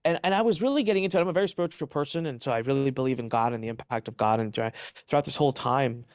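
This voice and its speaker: A man's voice: mid-range voice, rapid-fire, no echo, clean studio sound. A man being interviewed, telling his story emphatically and with animation, often restarting his sentences. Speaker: interview guest. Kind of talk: candid interview answers.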